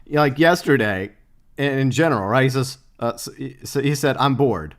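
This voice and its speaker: A man hosts a casual live stream in a rambling, blunt manner. He reads out viewer comments, talks through plenty of fillers and restarts, and swears freely. His voice sits at an ordinary middle pitch. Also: moderate pace. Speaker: livestream host.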